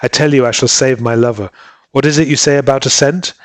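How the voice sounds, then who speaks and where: A man's voice: mid-range voice, steady tone, quick pace, no echo, close to an everyday voice. A man reading aloud and voicing a devoted young island woman who pleads earnestly with her husband. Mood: urging.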